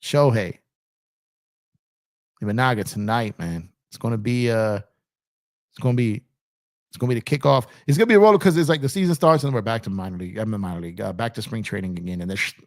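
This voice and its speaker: A man's voice: on the low side, fairly quick, long pauses, no echo, clean studio sound. A man hosting a casual sports livestream, talking in a laid-back, rambling way with lots of fillers and repeated phrases. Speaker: sports channel host.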